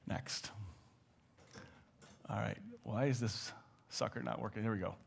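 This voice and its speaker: A man's voice: on the low side, measured pace, creaky, slightly rough. A man preaching a sermon in a conversational way, acting out quoted everyday phrases as he goes. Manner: conversational, with animated quoted asides. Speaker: pastor.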